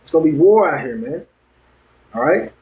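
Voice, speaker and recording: A man's voice: on the high side, expressive, moderate pace, a little mellow. A man preaching a sermon, reading news and scripture aloud and commenting on it. He talks conversationally, stumbles over words and keeps checking in with his listeners. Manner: conversational, checks in with "all right?" constantly.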